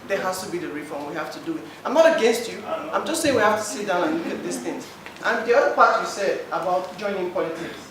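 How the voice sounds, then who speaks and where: A man's voice: sits high, lively intonation, quick pace, few pauses, a bit bright. A man speaking emotionally at a public forum, pleading his case to the room. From Nigeria. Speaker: forum participant. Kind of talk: impassioned public comment. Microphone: handheld mic. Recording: echoey hall, distant mic, noisy.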